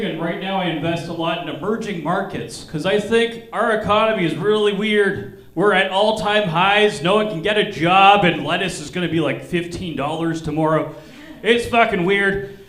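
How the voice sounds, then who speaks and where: A man's voice: sits high, a bit bright. A man doing stand-up at a comedy club, with dry observational jokes. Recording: roomy club sound, live stage mic.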